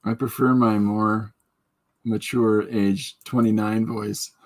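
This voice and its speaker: A podcast host chats casually on a livestream while drawing, rambling and cracking jokes as he reads out and answers viewer comments. His voice sits on the low side and is a little mellow, with little pitch movement and a slow pace.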